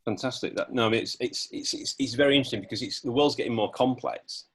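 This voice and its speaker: A man's voice: medium pitch, fast talker, a bit bright, breathy edge. A man hosting a podcast, enthusiastic and chatty, often restarting his sentences. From Britain. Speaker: podcast host. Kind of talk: casual interview talk.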